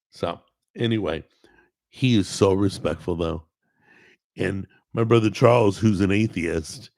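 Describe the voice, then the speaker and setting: Gravelly low-voiced man chatting slowly. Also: darkish tone, dry recording. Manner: rambling, self-correcting, talks to the chat. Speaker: host. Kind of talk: casual live-stream chat.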